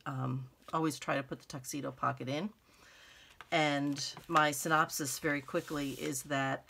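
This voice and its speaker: Low gravelly woman chatting over crafts. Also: pushed and bright, a little hiss or hum. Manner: rambling, thinks aloud with many fillers. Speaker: craft channel host. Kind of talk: casual crafting tutorial chat.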